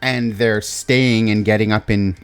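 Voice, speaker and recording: Man, game master, slow and deliberate narrator. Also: fairly low pitch, fairly even intonation, clear, resonant tone, soft background music.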